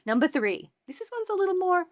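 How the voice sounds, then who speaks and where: A woman's voice: extremely high pitch, sing-song, quick pace, no echo, clean studio sound. A middle-aged woman therapist giving a playful educational talk to camera, slipping into sassy voices for the replies she suggests. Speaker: anxiety therapist.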